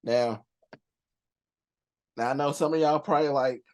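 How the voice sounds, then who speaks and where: Animated, laughing man ranking movie characters. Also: on the high side, measured pace. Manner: animated, laughing, profane slang. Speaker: movie reaction host. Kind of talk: casual countdown commentary.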